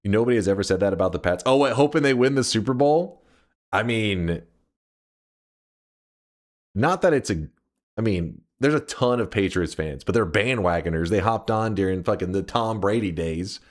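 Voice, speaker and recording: Animated man ranting to chat. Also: lowish voice, normal speed. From United States. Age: 30s. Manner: ranting, profane and jokey with chat. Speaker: livestreamer. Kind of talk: casual livestream chat.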